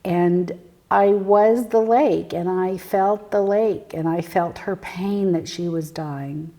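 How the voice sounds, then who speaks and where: A woman with a lowish, mellow voice tells her life story as an interview guest. She speaks earnestly and haltingly, with many fillers and restarts, and her voice sometimes drops to an almost whispered hush. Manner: earnest and reflective, dropping to a near whisper at intense moments. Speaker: guest, spiritual medium.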